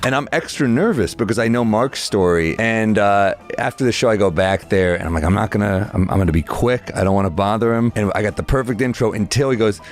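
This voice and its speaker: A comedian man rattles through an anecdote at a fast clip. He pokes fun at his own nerves. Faint music plays behind his voice. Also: lowish voice. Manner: quick, chatty, self-deprecating, nervous-fan telling. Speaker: comedian podcast co-host. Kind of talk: casual comedic storytelling.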